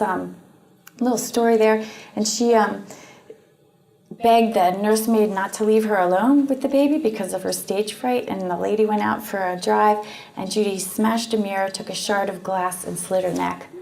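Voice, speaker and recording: A woman with a Canadian accent, earnestly explaining and telling a story in a casual, conversational way, with frequent pauses and fillers. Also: mid-range voice, a little mellow. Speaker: guest speaker on post-abortion trauma.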